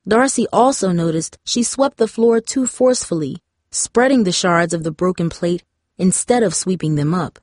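A woman narrating a novel chapter in a measured, steady storytelling voice, recorded on a close studio mic. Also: on the low side, no echo. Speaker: audiobook narrator. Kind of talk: scripted narration.

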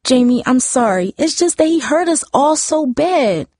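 An earnest teenage older sister, as a woman reading a story puts her on. Her voice sits higher, in a dry, close recording. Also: animated, normal speed, no echo. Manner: earnest, hurt and sharp by turns.

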